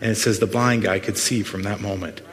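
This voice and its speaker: A man's voice: lowish voice, steady tone, brisk. A man preaching a sermon as pastor, earnest but full of playful jokes and asides to the congregation. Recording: long hall reverb.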